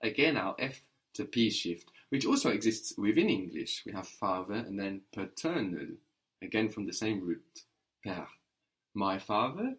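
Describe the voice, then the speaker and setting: A man's voice: fairly low pitch, big pitch swings, unhurried, a bit bright. A man teaching a language lesson, patiently repeating and modelling words.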